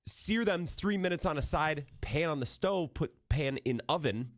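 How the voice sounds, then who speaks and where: A man co-hosting a radio show, telling a story in an animated, casual way. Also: on the high side, moderate pace, no echo, studio quality. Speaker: radio co-host.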